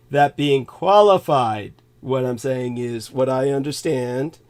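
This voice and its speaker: A man's voice: medium pitch, slow, darkish tone. A man from California co-hosting a livestream, lecturing insistently and talking over interruptions. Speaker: co-host. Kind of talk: livestream conversation.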